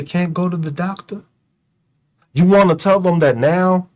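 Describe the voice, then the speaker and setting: A man's voice: high voice, a little mellow. A man giving a mocking, profane rant as a streamer, firing rhetorical questions and laughing at his own jokes. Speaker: streamer and commentator. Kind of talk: ranting commentary to an online audience.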